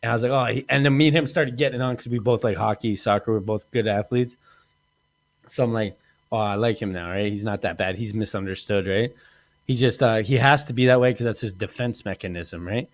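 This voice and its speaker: His voice sits on the low side and moves a little fast. The man hosts a podcast, rambling through crude casual stories, laughing often and dramatizing what people said.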